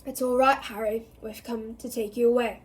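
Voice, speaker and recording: A woman voicing a kind, weary young male wizard who speaks softly and reassuringly. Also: a little high, fairly even intonation, normal speed, slightly rough.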